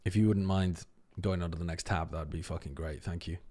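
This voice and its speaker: A man's voice: deep voice, steady tone, fairly quick, warm tone. A man hosting a casual livestream, thinking aloud as he works a word puzzle, repeating words under his breath and swearing casually. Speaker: stream host.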